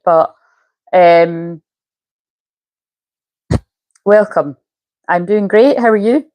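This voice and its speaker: A woman's voice: fairly low pitch, very slow, long pauses, a little mellow, no room sound, rough recording. A woman, a spiritual coach chatting casually on a live stream and muttering to herself while she fiddles with settings.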